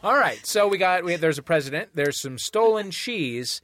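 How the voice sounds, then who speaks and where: Male podcast quiz host, playful, bouncy and a bit high. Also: animated, a bit bright, faint music behind. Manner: playful, quick to laugh. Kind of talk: comedy podcast quiz hosting.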